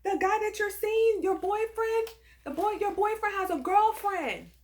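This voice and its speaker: A woman's voice: extremely high pitch, animated, a little slow, voice pushed up. A woman voicing a frantic young woman caller with a Hispanic accent, pleading and urgent. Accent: Hispanic-accented English.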